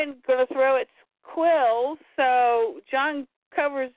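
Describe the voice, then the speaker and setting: A woman hosting a podcast who retells a comic story in an animated, playful way. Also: high-pitched, slow pace, no room sound. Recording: dry tinny phone-like sound.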